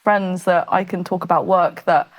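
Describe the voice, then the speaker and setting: A woman photographer speaks as a podcast guest in a slightly low voice. Her talk rambles, full of fillers and restarts, in a casual interview tone. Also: steady tone, moderate pace. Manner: rambling, filler-heavy storytelling.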